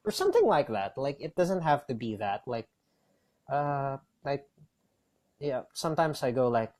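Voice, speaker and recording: A man's voice: mid-range voice, big pitch swings, moderate pace, darkish tone. A man giving casual tips as a call center trainer, rambling with many fillers and restarts. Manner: coaching, gives direct advice. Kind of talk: casual instructional talk.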